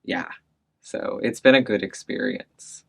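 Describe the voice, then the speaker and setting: In an oral history interview, a man in his thirties shares a personal story, full of fillers, restarts and frequent laughter. His mid-range voice is unhurried, with vocal fry.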